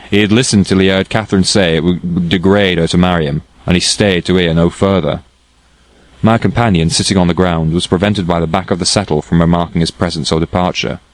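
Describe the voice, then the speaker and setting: A man narrating a classic novel as an audiobook, reading in a measured, unhurried way. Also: low-pitched, no echo, low-quality recording. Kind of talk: scripted narration.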